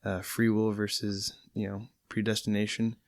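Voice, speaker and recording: Earnest low-voiced man, flat delivery. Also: moderate pace, no room sound, studio quality. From California. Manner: earnest, reflective, speaks about faith. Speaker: podcast guest. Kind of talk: casual podcast conversation. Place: studio.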